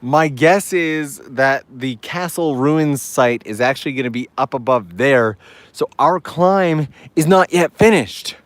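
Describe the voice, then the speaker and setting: A man's voice: mid-range voice, a little slow, dry recording. Upbeat man chatting on a walking live stream. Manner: upbeat and chatty, talking to viewers as he walks and climbs. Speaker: travel vlogger hosting a live stream. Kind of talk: casual live-stream chat while walking. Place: outdoors on hillside streets and shrine steps.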